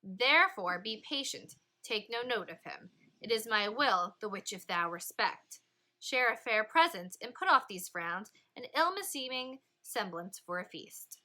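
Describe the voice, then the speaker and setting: A woman reading the lines of an older male household lord who calms a hot-headed kinsman in a measured, soothing way. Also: on the high side, rough recording.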